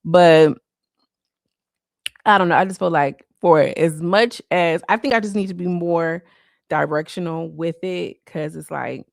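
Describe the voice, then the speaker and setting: A woman's voice: fairly low pitch, a little slow, vocal fry, dry recording, clean studio sound. A woman chatting casually on a live stream from her home, rambling loosely and filling her talk with "like.". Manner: rambling, loose, full of "like" fillers. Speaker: livestreamer.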